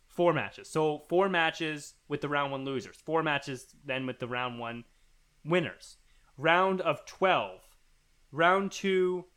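A man with a bright, forward voice that sits a little high talks casually as a podcast co-host. He thinks out loud, restarting sentences and padding them with ums and likes. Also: clean tone. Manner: rambling, thinks aloud with fillers and restarts. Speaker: podcast co-host reading listener emails. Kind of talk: casual chat.

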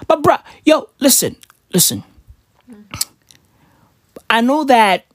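A woman's voice: low voice, no echo, clean studio sound. A South African woman delivering a profane, slangy comedic rant, repeating herself for effect. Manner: animated, repetitive, slangy.

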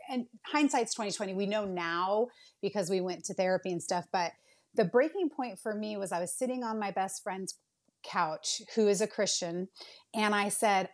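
A woman's voice: mid-range voice, normal speed. A woman in her late thirties, a podcast guest telling a candid personal story in an earnest, emotional way with many fillers and restarts.

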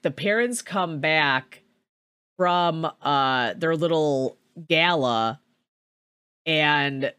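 A woman's voice: low-pitched, dry recording, clean studio sound. A young woman recapping a movie in casual chat, swearing freely and acting out the characters' lines. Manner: profane, filler-heavy storytelling with animated quoted voices.

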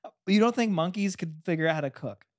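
A man's voice: high-pitched, animated, fast talker, no echo, studio quality. A young man co-hosting a casual podcast chat, playful and laughing often. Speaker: podcast co-host.

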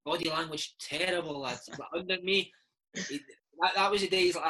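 A Scottish man in his thirties swaps football stories in a relaxed interview, his voice husky and bright. He talks with lively energy and drops "mate" and "man" into nearly every sentence. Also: high-pitched, moderate pace, rough recording. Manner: lively, animated anecdotes peppered with "mate" and "man". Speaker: former footballer, interview guest. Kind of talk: casual storytelling interview.

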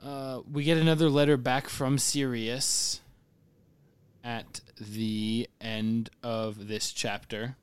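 A man hosting a casual book-club podcast, leading the talk in a dry, wry, gently teasing way. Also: medium pitch, flat delivery, slow, smooth, no echo. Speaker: podcast host leading discussion.

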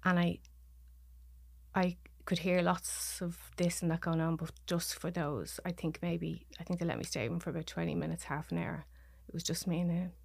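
A woman with a Dublin Irish accent, a podcast guest telling a personal story in halting, restarting sentences and voicing what others said. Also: on the low side, flat delivery, creaky, a little mellow, slightly rough, no room sound, studio quality. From Ireland. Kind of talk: personal story told in conversation.

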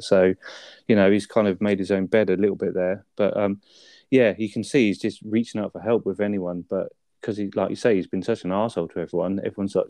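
Mellow low-voiced man. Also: level tone, fairly quick, no room sound. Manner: sweary, chatty, tag questions. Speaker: podcast co-host. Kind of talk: casual film review chat.

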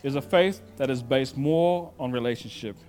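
A male pastor delivers a sermon in a chatty, story-driven style, swinging from loud emphasis to quiet asides. His voice sits in the mid range and moves at a normal speed.

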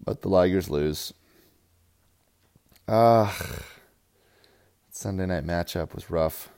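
A young man giving a profane, rambling fantasy football recap, swinging from loud hype to low mumbles. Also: slow, vocal fry, long pauses. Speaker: fantasy football league player.

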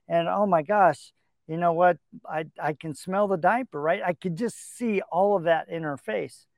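A man's voice: sits high, normal speed, gravelly, no room sound, clean studio sound. A middle-aged man hosting a relationship advice talk, telling stories earnestly and acting out the dialogue. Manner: earnest storytelling, acts out quoted dialogue. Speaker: podcast host.

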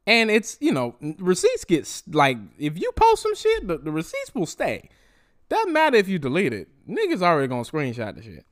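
A young man hosting a solo podcast, ranting in a profane, animated way and mocking people in quoted voices. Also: high-pitched, moderate pace. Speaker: podcast host.

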